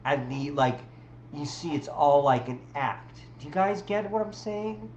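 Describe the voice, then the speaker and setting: A woman's voice: sits low, expressive, unhurried, a little mellow, lo-fi sound. A woman hosting a casual livestream, rambling with restarts and talking to her chat. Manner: rambling, many restarts and fillers, talks to chat. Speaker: livestream host. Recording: roomy with faint background hum.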